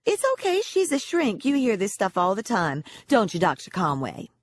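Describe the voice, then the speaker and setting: A woman's voice: medium pitch, wildly swooping pitch, normal speed, no room sound, voice pushed up. A woman voicing a spirited, bossy farm wife who talks bluntly and teasingly, in a storybook reading. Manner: brash, blunt, giggly.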